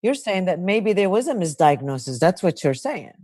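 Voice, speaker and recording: A woman's voice: on the low side, big pitch swings, normal speed, warm tone, no room sound, studio quality. A woman podcast host asking attentive, probing questions. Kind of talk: interview questions.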